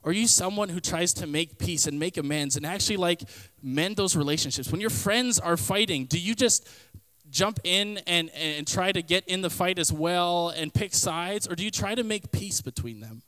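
A young man gives a youth sermon as a relaxed personal story, dropping fillers and acting out his own past lines for laughs. His voice sits a little high and comes through smooth and clear. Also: moderate pace. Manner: casual storytelling with comic quoted voices; frequent fillers like "like" and "kinda". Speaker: youth pastor.

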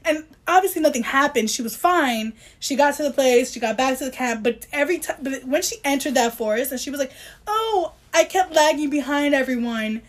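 A high-voiced woman co-hosts a podcast in an easygoing book chat. She talks animatedly and keeps restarting her sentences as her thoughts run ahead. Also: brisk. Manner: animated, self-interrupting, quotes the book in voices. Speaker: podcast co-host. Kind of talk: casual book discussion.

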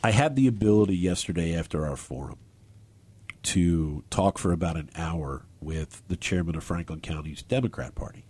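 A man hosting a talk radio show, speaking earnestly and haltingly, often restarting his sentences. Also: deep voice, a little mellow, husky. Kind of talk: talk radio, on-air remarks. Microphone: studio microphone.

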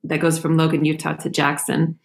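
A woman with a slightly low voice speaks as a guest in a casual interview. She is relaxed and chatty, with easy laughs running through her answers. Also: brisk, vocal fry. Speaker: podcast guest, ski mountaineer.

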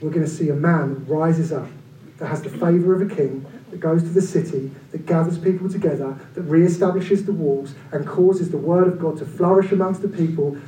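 A man around forty, preaching a sermon in an animated, conversational way with humorous asides. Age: about 40. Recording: echoey room from far off, low-quality.

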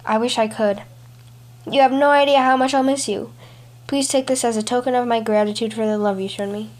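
A gentle young moon princess speaks softly through her tears in a storybook tale, voiced by a woman narrator. Her voice is fairly high. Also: fairly even intonation, a little fast, lightly acted. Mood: tender. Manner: soft, tearful. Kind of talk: storybook reading.

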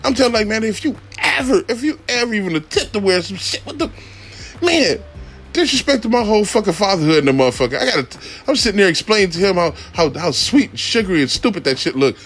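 High, swooping comic man ranting. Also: big pitch swings, fast talker, faint music behind. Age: adult father. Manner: profane, exclamatory, swings between shouting high and muttering low. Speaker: rideshare driver. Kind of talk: comic storytelling rant.

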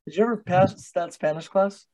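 A young man hosting a podcast in a loose, casual way. He swears freely and laughs at himself, and his voice sits a little higher than most men's. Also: normal speed, darkish tone. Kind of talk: casual chat.

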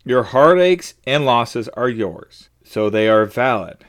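A man's voice: medium pitch, animated, slow pace. Earnest man hosting a faith podcast. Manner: earnest and personal, openly emotional. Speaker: podcast host. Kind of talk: faith-based podcast monologue.

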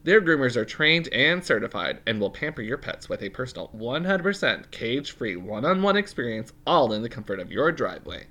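A man co-hosts a casual chat, cracking quick jokes and then reading ad copy. His voice is bright and animated, moving widely in pitch. He keeps a playful, easygoing manner throughout. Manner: playful, jokey interjections. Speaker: podcast co-host.

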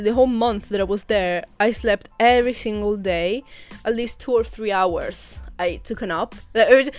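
A young woman from Italy talks through her own podcast in a loose, rambling way, restarting sentences and laughing lightly. Her voice sits at a middle pitch. Faint music plays underneath. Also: dry recording. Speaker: podcast host. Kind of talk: casual solo podcast chat.

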